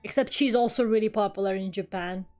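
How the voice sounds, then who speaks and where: A woman's voice: medium pitch, fast, a little mellow, soft background music. A woman streaming while she draws, chatting in a rambling way, swearing freely and laughing often. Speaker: streamer drawing live. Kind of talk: casual chat while drawing.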